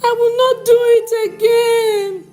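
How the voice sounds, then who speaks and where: Woman voicing a shrill sobbing boy. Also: little pitch movement, unhurried, a little mellow, soft background music. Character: young boy, frightened prankster begging.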